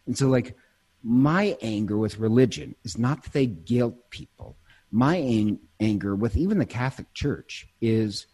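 Husky-voiced priest telling stories. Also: male voice, mid-range voice, animated, unhurried, warm tone. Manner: storytelling, self-interrupting, laughs easily. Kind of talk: casual conversation.

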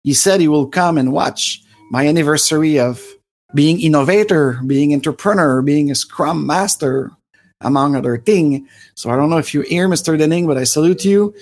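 A man's voice: a little high, darkish tone. A French-Canadian man in his forties with a Quebec French accent, hosting a rambling live stream with many fillers and restarts. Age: 40s. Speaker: livestream host.

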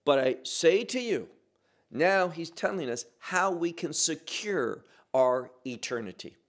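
A middle-aged man, his voice a little high and expressive, teaches through a Bible passage verse by verse. He moves slowly and deliberately, marking key words with sharp ups and downs in pitch.

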